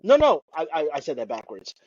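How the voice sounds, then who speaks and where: A man's voice: fairly high pitch, wildly swooping pitch, a little fast, darkish tone, dry recording, muffled recording. A married man co-hosting a podcast in casual chat, swearing and filling with ums and likes. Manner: swearing, filler-heavy rambling. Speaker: podcast co-host.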